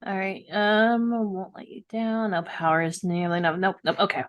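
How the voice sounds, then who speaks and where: A woman's voice: mid-range voice, normal speed, dull audio, slight background noise. Rambling woman tabletop player. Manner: rambling, laughs often. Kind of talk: casual tabletop game play.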